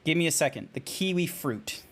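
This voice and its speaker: An excitable young Australian man chats casually on a game stream, rambling from one bit of trivia to the next and laughing at his own jokes. His voice sits high for a man. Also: moderate pace, slight background noise. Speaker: VTuber streamer.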